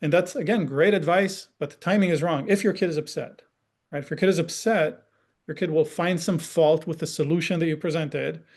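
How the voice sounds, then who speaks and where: A man talks parents through examples in a relaxed, explanatory online session. His voice sits a little high and carries a gravelly edge. He keeps checking in with his listeners and slips into quoted dialogue to act out the examples. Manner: conversational, often checks in with "right?". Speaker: parenting educator and forum guest.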